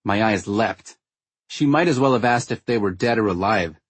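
A man narrating a first-person story in a wry, understated way, with a husky tone. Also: on the low side, moderate pace, no echo. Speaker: audiobook narrator.

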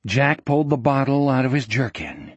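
A man narrating an audiobook in a measured, vivid storytelling manner. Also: mid-range voice, big pitch swings, slightly rough, dry recording, lo-fi sound.

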